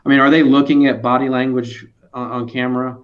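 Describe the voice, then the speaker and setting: A man hosting a casual video interview, asking questions in a halting way with many restarts and fillers. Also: medium pitch, little pitch movement, lo-fi sound. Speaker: host.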